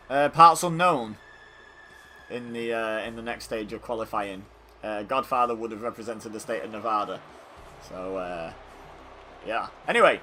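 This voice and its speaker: A man's voice: medium pitch, bright, forceful tone, a little hiss or hum. A man casually commentating a wrestling video game, chatty and rambling, joking at his own expense. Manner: chatty, self-deprecating, rambling with fillers. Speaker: gaming YouTuber.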